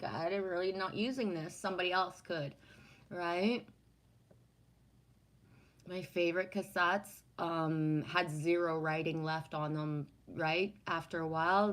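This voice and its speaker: A woman with a fairly low voice chats loosely with her livestream viewers and reads their messages aloud. She rambles from one story to the next and swears freely along the way. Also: fairly bright tone. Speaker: livestream host reading chat. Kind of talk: casual chat.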